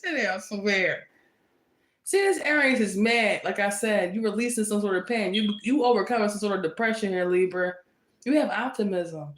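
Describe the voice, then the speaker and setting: A woman's voice: mid-range voice, fairly quick. A woman giving a casual tarot reading, sassy and teasing, laughing often and repeating lines for emphasis. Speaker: tarot reader. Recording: roomy echo.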